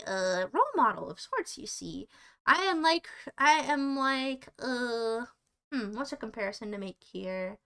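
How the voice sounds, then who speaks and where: A woman streamer chats casually to her viewers in a high, bright voice. She rambles playfully, stopping and restarting her sentences as she goes. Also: clean tone. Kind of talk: casual livestream chat.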